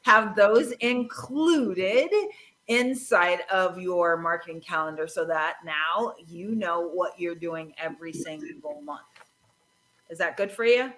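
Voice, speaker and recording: A woman's voice: on the low side, slow, fairly bright tone, poor audio. A woman marketing strategist speaking on a casual panel, playful with folksy exclamations.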